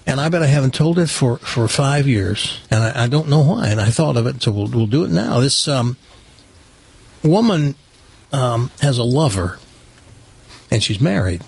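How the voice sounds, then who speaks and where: Husky-voiced male talk host. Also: medium pitch, animated, normal speed, a little mellow. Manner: chatty, sardonic, stumbles and restarts. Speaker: radio show host. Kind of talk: casual talk show banter and joke telling.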